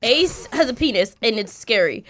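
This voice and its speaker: A young woman co-hosting a podcast, a mother telling an animated, profane story in casual chat. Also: a little high, moderate pace. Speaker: podcast co-host.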